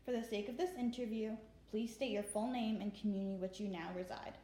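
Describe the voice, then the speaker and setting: A woman conducting an oral history interview as a student interviewer, who asks questions politely and gently repeats them. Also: mid-range voice, steady tone, a little fast, a little hiss or hum. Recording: echoey room.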